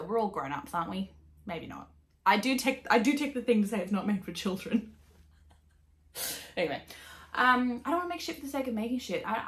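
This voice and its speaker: A woman's voice: medium pitch, fairly bright tone. An Australian woman hosting a knitting podcast, chatting casually, swearing freely and laughing at herself as she talks. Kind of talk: casual chat.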